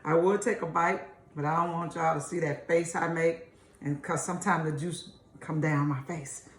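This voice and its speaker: A woman's voice: sits low, fairly even intonation, moderate pace. A woman hosting a casual home cooking video, chatty and homey, calling her viewers y'all. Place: home kitchen. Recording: echoey kitchen room.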